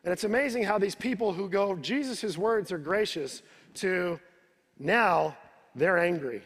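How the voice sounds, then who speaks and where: A man's voice: high-pitched, animated, unhurried, fairly bright tone. A male pastor preaching a sermon, retelling the scripture in his own words and repeating words as he builds each point. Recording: reverberant hall.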